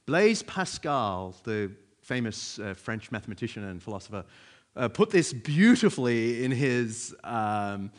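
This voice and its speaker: A man's voice: medium pitch, big pitch swings, unhurried. A man preaching a sermon in a conversational way, with frequent fillers.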